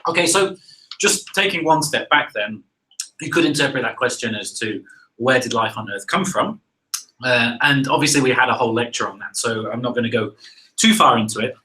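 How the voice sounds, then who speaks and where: A man's voice: medium pitch, animated, a little fast, pushed and bright, low-quality recording. A man hosting a live science panel, reading out viewer questions and answering them in a loose, conversational way. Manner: conversational, thinks aloud with "uh" and "right?".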